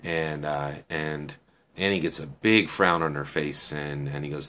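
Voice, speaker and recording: A man's voice: rumbling low, steady tone, measured pace, pushed and bright. A man telling a story casually, rambling with fillers and asking "right?" often.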